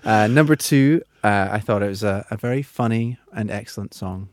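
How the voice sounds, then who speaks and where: Male host, chatty and halting, lowish voice, dry close sound. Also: dry recording. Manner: chatty, hesitant, laughs often. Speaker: podcast host. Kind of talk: casual chat.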